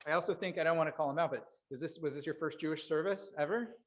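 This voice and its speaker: A man leading a synagogue service, speaking in a relaxed, chatty way with fillers, over guitar accompaniment. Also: on the high side, fast. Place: synagogue sanctuary. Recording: guitar music under the voice.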